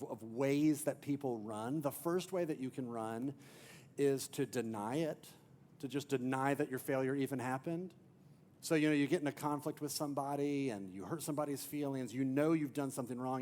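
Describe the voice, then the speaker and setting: A man pastor preaching a sermon as an emphatic storyteller, swinging from loud to near-hushed. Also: mid-range voice, fairly quick. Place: church.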